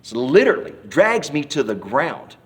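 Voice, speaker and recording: This church member tells his personal testimony in an interview with a medium-pitched voice and moderate pace. Rambling and folksy, he restarts many times, acts out the scenes and hollers the cries he's quoting.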